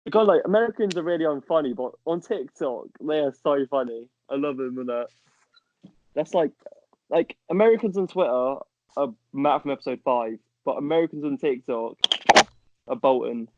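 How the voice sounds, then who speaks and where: A man's voice: fairly high pitch, lively intonation, normal speed, darkish tone, no echo. A man co-hosting a podcast in casual, jokey chat, often stumbling over and repeating his words. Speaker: podcast co-host. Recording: dull, slightly muffled audio.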